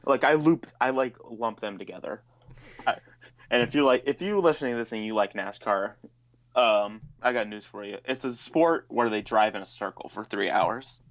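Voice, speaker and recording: A man's voice: on the low side, normal speed, dull audio. A man co-hosting a podcast, telling stories in a casual, profane, ranting way. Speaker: podcast co-host. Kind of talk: casual chat.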